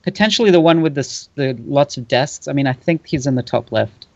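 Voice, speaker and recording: A man's voice: medium pitch, animated, fairly quick, no echo. Man, mid voice, casual stream co-judge, filler-heavy, dry dull audio. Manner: hesitant, lots of "um" and "like". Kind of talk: casual live-stream chat.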